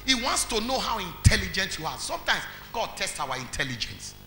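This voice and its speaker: A male pastor with a Nigerian accent delivers an emphatic sermon, often quizzing the congregation. His voice sits high and swings widely in pitch, with a bright, forceful edge. It rings through a reverberant church hall over faint music. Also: big pitch swings, brisk. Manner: builds to shouts.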